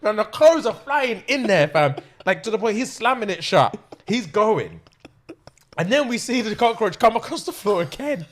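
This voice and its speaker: Animated young man telling a story. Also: high-pitched, moderate pace. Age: 20s. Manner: animated, heavy slang, often laughing. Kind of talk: casual storytelling.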